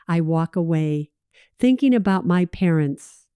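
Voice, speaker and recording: Woman in her thirties as first-person storyteller, slow and even, clear voice, dry recording. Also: lowish voice, no room sound. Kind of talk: scripted story narration.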